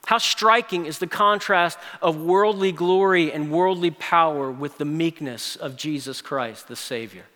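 A man preaching with a bright, forceful, fairly high voice. He swings from loud emphasis down to hushed lines, and a long hall reverb trails his words. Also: unhurried, few pauses. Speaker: pastor. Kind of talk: sermon.

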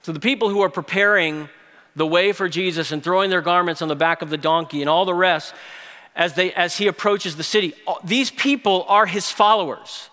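A man preaching with a bright, forceful, fairly high voice. He swings from loud emphasis down to hushed lines, and a long hall reverb trails his words. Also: a little fast. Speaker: pastor. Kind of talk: sermon.

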